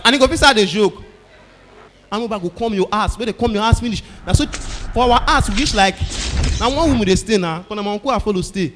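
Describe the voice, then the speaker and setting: A male stand-up comedian with a Nigerian Pidgin accent tells stories loudly and acts out the people in them. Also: high-pitched, fast talker, long reverb tail, a little hiss or hum. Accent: Nigerian Pidgin English. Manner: loud animated storytelling, acting out characters.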